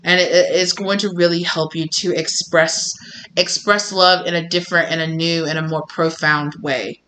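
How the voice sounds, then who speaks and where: A woman with a bright, sharp voice pitched a bit low gives a loose, chatty tarot reading. She rambles with lots of fillers and slips into quick acted-out quotes of what people say. Her delivery stays casual and unscripted throughout. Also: steady tone, rough recording. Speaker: tarot reader.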